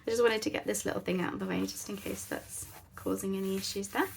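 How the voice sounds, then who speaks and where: A woman's voice: mid-range voice, fairly even intonation, quick pace, creaky, a little hiss or hum. A woman hosting a casual craft tutorial, chatting in a rambling, self-deprecating way at her craft table at home. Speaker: crafting channel host.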